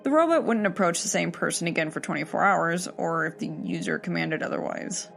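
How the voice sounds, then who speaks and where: A woman reading a horror story aloud in a steady, measured storytelling manner. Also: on the low side, creaky, over music. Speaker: story narrator.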